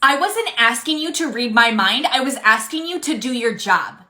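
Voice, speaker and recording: A woman's voice: a little high, expressive, normal speed, pushed and bright. A woman playing an entitled, condescending customer in a comedy skit, demanding and indignant. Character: entitled rude middle-aged woman customer. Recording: roomy echo.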